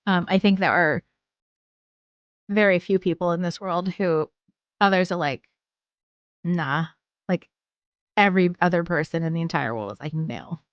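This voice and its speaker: A woman's voice: lowish voice, moderate pace, long pauses, dry recording, lo-fi sound. A woman live streamer chatting casually with her viewers, frank and chatty, swearing freely and using lots of filler words.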